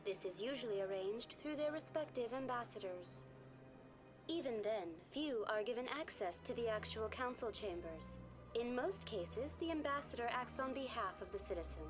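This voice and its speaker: A woman voicing a calm female virtual guide program on a space station, in a polished, even, informative game delivery, with music clearly heard behind. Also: fairly high pitch, moderate pace, close to an everyday voice, poor audio. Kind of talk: scripted game voice acting.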